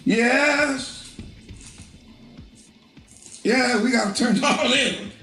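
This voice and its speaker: A man preaching a street sermon, impassioned, often shouting and laughing as he swings between high and low. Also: extremely slow, reverberant, faint music behind.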